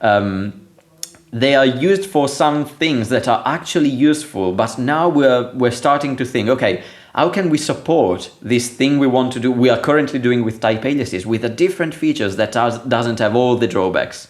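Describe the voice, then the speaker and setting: A man's voice: mid-range voice, lively intonation, normal speed. Chatty man laughing between technical points. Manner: chatty, laughs often, many fillers and restarts. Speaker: guest, programming language developer. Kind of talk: casual technical conversation.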